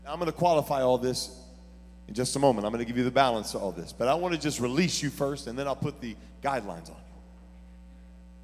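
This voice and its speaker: A man preaching a sermon as pastor, telling stories and building to shouted preaching. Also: medium pitch, expressive, a little fast, in a large hall. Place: church sanctuary.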